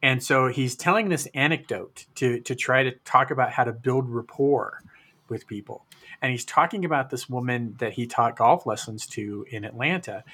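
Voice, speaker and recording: Bright-voiced man telling a story. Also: medium pitch, normal speed, husky. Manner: rambling anecdote, many restarts. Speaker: podcast co-host. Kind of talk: casual storytelling.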